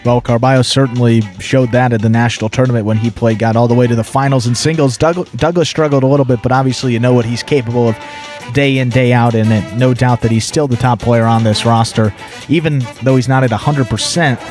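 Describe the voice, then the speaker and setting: A man's voice: medium pitch, steady tone, fast, darkish tone, faint music behind. A man co-commentating on jai-alai, easygoing, reminding viewers to like and subscribe. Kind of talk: live sports commentary and banter.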